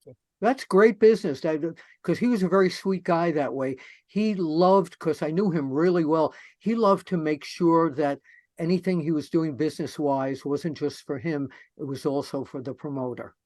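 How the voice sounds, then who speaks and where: Slightly high-voiced male interview host. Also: moderate pace, a little mellow, dry recording, clean studio sound. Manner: enthusiastic, reactive, asks short questions. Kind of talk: casual interview chat.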